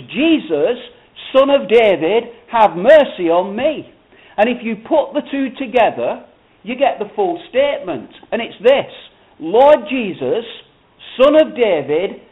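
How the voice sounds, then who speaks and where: A man preaching a sermon with emphatic, rising and falling cadence. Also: sits high. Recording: phone-like narrow band.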